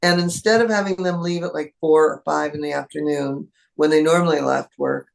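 Chatty woman guest, gravelly edge, easygoing interview talk. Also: deep voice, steady tone, fairly quick. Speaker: animal communicator guest.

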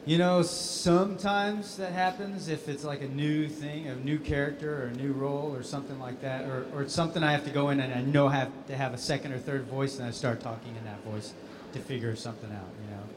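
A male voice actor, a guest at a convention panel, tells stories in a casual Q&A, animated and laughing often. His medium-pitched voice runs a little fast, with background noise behind it.

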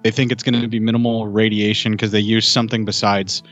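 A man co-hosting a podcast, retelling film scenes in a relaxed, detailed way. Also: lowish voice, fast talker, faint music behind. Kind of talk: casual chat.

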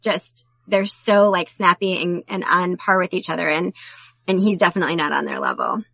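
Woman co-host, casual and giggly, bright tone, dry dull lo-fi recording. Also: on the low side, normal speed, gravelly, no echo. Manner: chatty, laughs often, animated. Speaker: podcast co-host. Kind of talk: casual movie-review chat.

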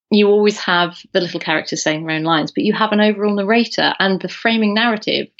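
On a relaxed podcast, this female co-host tells stories with lots of ums and restarts, animated throughout. Her voice is lowish, and the audio is missing its high frequencies.

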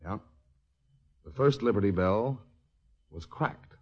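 An actor playing a patient, history-loving male soldier in a 1940s radio drama, telling history in an animated way. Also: fairly low pitch, slow pace, dull audio. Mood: storytelling. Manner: tells history in an animated storytelling way.

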